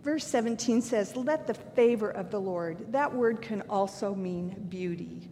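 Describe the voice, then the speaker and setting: A woman's voice: unhurried, mellow. An older woman giving a sermon, earnest and candid, mixing scripture with self-deprecating stories from her own life. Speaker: preacher. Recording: long hall reverb, faint rumble.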